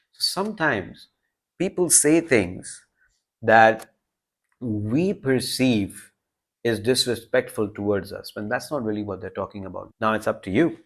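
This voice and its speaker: Low-voiced man giving casual advice. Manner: conversational, with frequent "right?" and "you know" asides. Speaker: self-improvement video host. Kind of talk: casual direct-to-camera advice talk.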